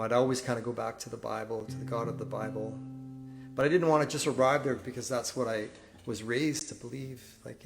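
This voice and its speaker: Man, singer-songwriter, confessional home-stream talker, halting and reflective, phone mic. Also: medium pitch. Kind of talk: candid storytelling between songs. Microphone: phone, wearing headphones.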